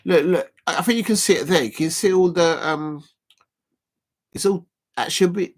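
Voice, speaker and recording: A man's voice: high voice, moderate pace, long pauses. A man hosting a casual live stream watch-along, rambling and chuckling as he chats to viewers.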